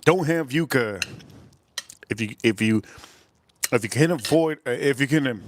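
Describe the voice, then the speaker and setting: A man's voice: mid-range voice, a little hiss or hum. A man from Miami rambling crudely and joking while eating on a live stream. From Miami, Florida. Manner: rambling, crude, joking, talks with food in mouth. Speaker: livestream food reviewer.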